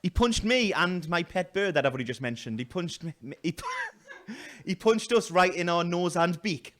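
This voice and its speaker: A man doing a stand-up comedy set in a small venue, telling a story loudly with put-on voices and self-mocking asides. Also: high-pitched, expressive, normal speed.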